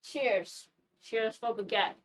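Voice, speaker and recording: A woman's voice: fairly high pitch, slow pace. A woman streaming while she bakes in her kitchen, chatting casually and rambling, with plenty of swearing. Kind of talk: casual livestream chat while baking. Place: home kitchen. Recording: distant mic with faint background noise.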